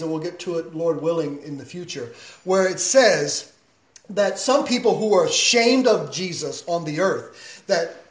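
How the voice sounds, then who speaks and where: A man preaching a sermon as a pastor, emphatic, with big swings in pitch and loudness. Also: echoey room.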